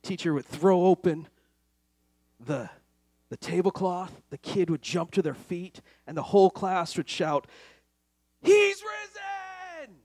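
High-voiced man preaching with rising fervor. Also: unhurried, no echo, studio quality. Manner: storytelling, building to loud call-and-response exhortation. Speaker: pastor. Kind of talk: sermon. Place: church before a congregation.

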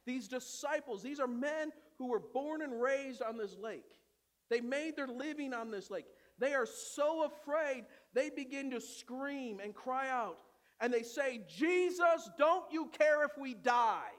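A male pastor preaching a dramatic sermon, dropping to a hush and rising to shouts, with humorous asides. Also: very high voice, a little slow. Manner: dramatic, swings from hushed to shouting. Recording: long hall reverb.

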